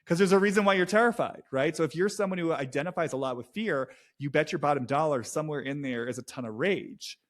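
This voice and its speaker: A man's voice: on the high side, quick pace, hardly any pauses. Rambling, casual man breaking down drama. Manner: loose and rambling, many fillers and restarts, swears freely. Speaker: commentator on a reality show. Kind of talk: casual analytic monologue.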